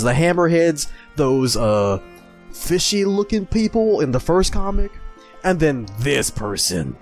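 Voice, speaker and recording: Animated, excitable man gushing over comics. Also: fairly high pitch. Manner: excitable and gushing, laughs often. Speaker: video host. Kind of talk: casual commentary while reading comics.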